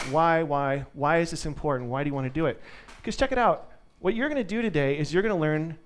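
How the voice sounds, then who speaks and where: Guy presenting at a dev conference, lively and jokey, kinda high voice. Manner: upbeat, joking, lively. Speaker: conference speaker. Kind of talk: live tech talk with audience.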